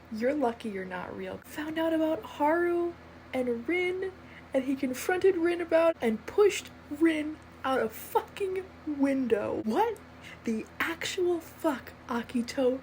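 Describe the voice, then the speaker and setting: A young woman reacting to an anime, gushing and swinging between outrage and tearful excitement, with some swearing. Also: sits high, slight background noise. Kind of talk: emotional reaction vlog.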